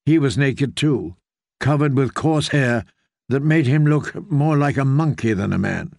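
A man reading an audiobook in a steady, even way, his voice gravelly with a touch of vocal fry. The sound is close and dry, with no room sound. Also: mid-range voice, a little slow, no echo. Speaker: audiobook narrator. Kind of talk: scripted narration.

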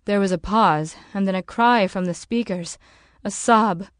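Brief: woman audiobook narrator, mid pitch, measured, dry close recording. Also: dry recording.

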